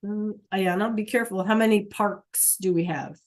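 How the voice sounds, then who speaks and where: A woman's voice: medium pitch, fairly even intonation, normal speed. A woman teaching a Spanish class online over a computer mic, patient, checking in often with "okay?" and "right?".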